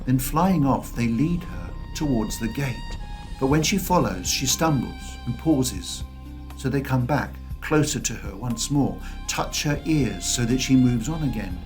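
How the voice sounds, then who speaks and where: Male audiobook narrator, unhurried and expressive, soft music under. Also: medium pitch. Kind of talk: scripted fantasy narration.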